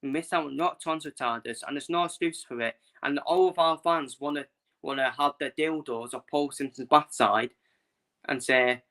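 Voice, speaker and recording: On his own vlog, a young football fan lets loose a casual opinion rant, blunt and frustrated, full of repetition and swearing. His voice is on the high side, sharp in tone, at a moderate pace.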